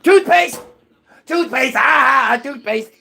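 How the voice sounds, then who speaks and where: A man's voice: extremely high pitch, vocal fry, a bit bright, full character voice. A man acting out a dithering adult who stammers and names random things instead of answering. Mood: flustered. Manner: stammering, halting.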